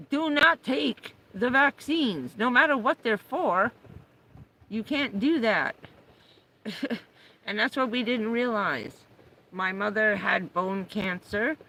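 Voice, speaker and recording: Bright-voiced chatty middle-aged woman. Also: on the high side, lively intonation, takes it slowly, slight background noise, low-quality recording. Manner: chatty, talks to her dog in a coaxing raised voice. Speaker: live streamer. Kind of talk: casual live-stream chat. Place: parked vehicle on a rainy day.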